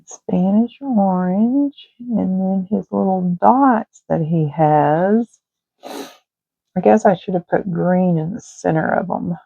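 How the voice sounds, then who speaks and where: A woman's voice: mid-range voice, slow pace, gravelly, breathy edge, no room sound. A woman, chatting and rambling casually while she colors, sometimes drifting into murmurs. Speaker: art channel host. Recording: tinny phone-like dry sound.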